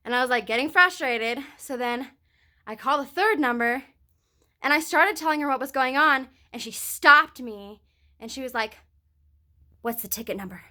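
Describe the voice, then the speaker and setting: Bright, high-voiced woman swearing her way through a story. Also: moderate pace. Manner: profane, rambling, animated storytelling. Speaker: vlogger. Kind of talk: casual storytelling vlog. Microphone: hand-held phone.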